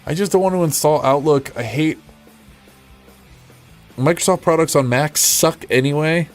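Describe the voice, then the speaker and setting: A man with a voice on the high side streams casually at a normal speed, rambling, frustrated and poking fun at himself as he chats with viewers. Soft music plays in the background of this live-stream chat.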